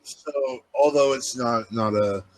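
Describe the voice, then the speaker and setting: A man's voice: medium pitch, slow, poor audio. A man co-hosting a podcast, jumping in with his own story in casual chat. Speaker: podcast co-host.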